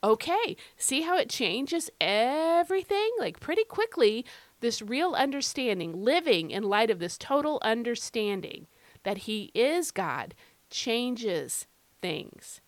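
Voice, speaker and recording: A woman's voice: a little high, big pitch swings, slow, no echo. Emphatic woman podcast host teaching Scripture. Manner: emphatic, repeats key phrases; conversational, addresses listener directly. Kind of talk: devotional Bible teaching.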